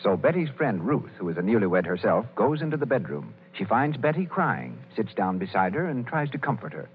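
A man's voice: fairly low pitch, big pitch swings, fairly quick, soft background music. Persuasive 1930s radio announcer man. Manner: smooth, persuasive. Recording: tinny old radio broadcast.

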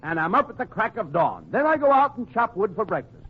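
A man's voice: sits high, sing-song, fairly quick, breathy edge. A man playing the scolding, exasperated straight man in 1940s radio comedy. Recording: dull old radio recording with faint hiss.

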